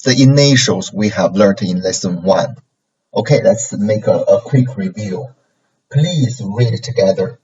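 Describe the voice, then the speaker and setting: A man gives a language lesson in a slow, patient way, stopping often to check that students follow. His voice is a little husky. The recording is dull and lo-fi. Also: lowish voice, mellow. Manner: slow and patient, with many fillers and tag questions. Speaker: Chinese language teacher. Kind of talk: classroom lesson reviewing pinyin.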